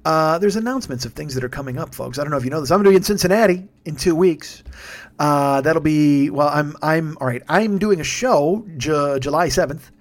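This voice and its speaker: Tired, profane comedian rambling through plugs. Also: male voice, a little high, a little fast. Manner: profane, rambling, self-mocking. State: tired, yawning. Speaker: podcast host; stand-up comedian. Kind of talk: casual late-night monologue with plugs.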